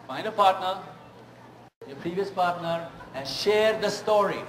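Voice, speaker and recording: Animated male public speaking trainer. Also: sits high, unhurried, slight background noise. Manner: animated, rhetorical check-ins with the audience. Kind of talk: seminar talk with storytelling. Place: workshop room with audience. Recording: echoey room with faint ambience.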